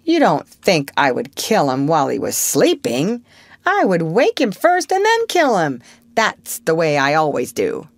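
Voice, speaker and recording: A woman's voice: deep voice, sing-song, slow, no room sound, studio quality, full character voice. A woman voicing a bold, boastful boy adventurer who talks about danger in a brash, matter-of-fact way.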